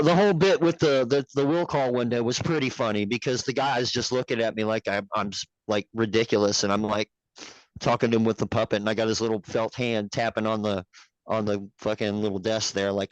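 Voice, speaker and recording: A man's voice: lowish voice, fairly even intonation, brisk, no room sound, rough recording. A man who produces a puppet show, telling stories as a podcast guest in a rambling, profane, laughing way. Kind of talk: casual storytelling chat.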